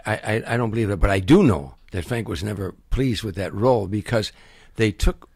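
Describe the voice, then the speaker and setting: A man's voice: on the low side, brisk, gravelly, slightly rough, dry recording, clean studio sound. An older man, a comedian guest, telling anecdotes in an interview and acting out the quotes. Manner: animated anecdotes, acts out quotes. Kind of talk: storytelling interview.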